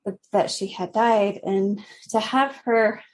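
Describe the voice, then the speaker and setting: A woman in her thirties telling a personal story as a podcast guest, earnest and gently laughing between phrases. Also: medium pitch, takes it slowly.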